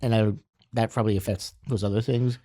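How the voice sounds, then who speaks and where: A man's voice: fairly low pitch, steady tone, fairly quick, dark tone, no echo. Man, podcast guest, laid-back, trailing off, dry close sound. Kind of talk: casual chat.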